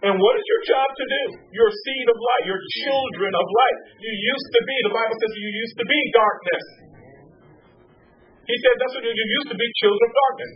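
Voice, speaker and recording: A man preaching a sermon, swinging from high exclamations down to low hushed tones. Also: fairly quick. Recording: distant mic, muffled sound, faint hum.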